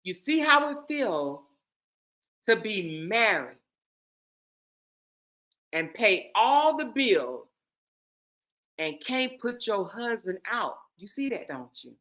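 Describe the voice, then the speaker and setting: A woman putting on a low, syrupy-calm husband. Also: a little slow, pauses often. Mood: calm, sweet. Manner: soft, syrupy, coaxing. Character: man, calm husband, falsely sweet, mocking.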